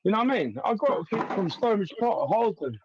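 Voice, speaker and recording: A man's voice: sits high, very animated, quick pace, muffled recording, noisy background. A man from North London with a London accent, calling into a live stream and talking in a swaggering, sweary way. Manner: swaggering, sweary, laughs a lot. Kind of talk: brash live-stream chat.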